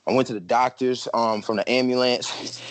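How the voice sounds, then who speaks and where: A man's voice: mid-range voice, steady tone, normal speed, no echo, rough recording. A young man on a podcast telling a story in casual, profane slang and acting out his own quotes.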